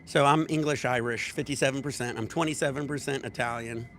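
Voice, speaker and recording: A man's voice: mid-range voice, steady tone, a little fast, creaky, a bit bright. A man hosting a casual livestream, telling rambling, profane stories at a resort bar. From United States. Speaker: livestream host.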